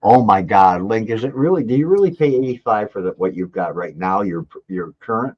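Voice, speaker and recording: A man's voice: fairly low pitch, a little fast. Older man teasing his livestream chat. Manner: animated, teasing, reads out viewer comments. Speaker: livestream host. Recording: dull lo-fi audio.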